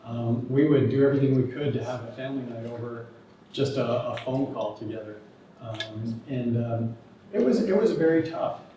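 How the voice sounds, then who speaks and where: A man delivers a relaxed, anecdotal lecture full of ums and restarts. He is heard from a distant mic in a large, very echoey hall, with a faint hiss underneath. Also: mid-range voice, moderate pace. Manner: relaxed, anecdotal, with many fillers. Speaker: guest lecturer. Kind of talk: storytelling lecture.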